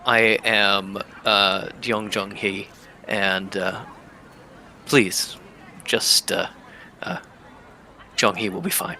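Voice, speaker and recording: A man doing a soft-spoken, predatory gentleman. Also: fairly low pitch, extremely slow, pauses often, a little hiss or hum, full character voice. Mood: courteous. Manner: quiet, courteous. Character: polite, predatory man sizing people up.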